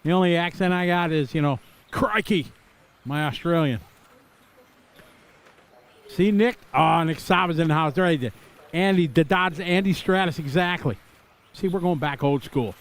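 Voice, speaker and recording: A middle-aged man from Wisconsin calls a live race in a somewhat high-pitched voice. He drifts into chatty, nostalgic asides between the position updates, then snaps back to the running order. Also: normal speed, pauses often. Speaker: race commentator.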